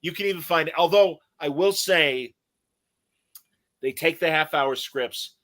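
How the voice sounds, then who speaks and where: A man's voice: on the high side, a little slow, fairly bright tone. A man hosting a casual show, chatting and reading out listener comments. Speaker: podcast host. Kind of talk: casual chat.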